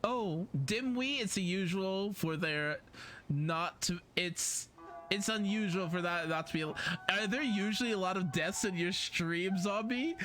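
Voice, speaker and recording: A woman's voice: medium pitch, a little slow, a bit bright, faint music behind. A young woman from England with a southern English accent, chatting casually while live-streaming a game, giggly and self-deprecating.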